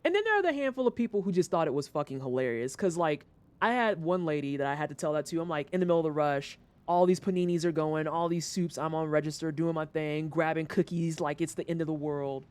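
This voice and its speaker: A young adult livestreamer chatting casually to viewers, retelling a work story with animated swings and casual swearing. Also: mid-range voice, quick pace.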